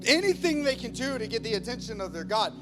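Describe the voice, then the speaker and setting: A man's voice: very high-pitched, very animated, quick pace, over music. A male pastor preaching a sermon, emphatic, acting out the scenes he tells. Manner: emphatic, acts out scripture scenes. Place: church.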